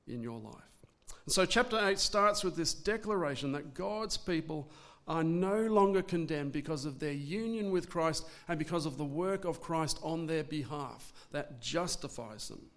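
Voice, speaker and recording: A man preaching a sermon in an earnest way, sometimes restarting words and slowing down for emphasis. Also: on the high side. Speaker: pastor.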